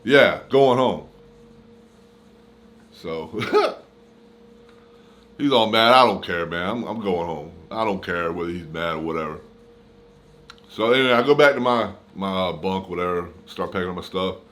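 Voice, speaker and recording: A man with a somewhat low-pitched voice tells a personal story straight to his camera. His talk is casual and full of slang. He acts out the dialogue of the people in the story as he goes. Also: normal speed. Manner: slangy, animated retelling with quoted dialogue. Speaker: YouTuber telling a story. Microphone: camera mic.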